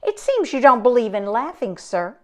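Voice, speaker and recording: A woman reading the part of a kindly male court jester in a storybook, speaking gently and sometimes in a hush. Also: a little high, very animated, moderate pace. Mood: hopeful. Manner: gentle, sometimes hushed and whispering.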